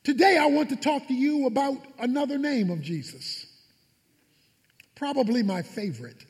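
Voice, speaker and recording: A man preaches a sermon in an unusually high voice that swoops and climbs as he acts out scripture scenes with emphatic force. His voice rings out with long reverb, as if from a big hall. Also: animated, moderate pace, darkish tone. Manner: emphatic preaching with dramatic retellings. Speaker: pastor.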